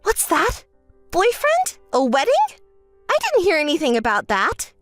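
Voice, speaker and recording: A woman doing a shrill, spoiled bride. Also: huge pitch swings, moderate pace, fairly bright tone, dry recording, faint music behind, heavily acted. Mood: frantic. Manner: whiny, shrill and demanding. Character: spoiled, bratty young woman, boastful bride. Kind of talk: texting-story voice acting.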